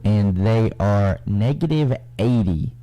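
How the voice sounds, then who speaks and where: A young man co-hosting a casual radio sports talk show, reading standings in a relaxed, drawling way. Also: fairly low pitch, slow pace, low-quality recording. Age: young adult.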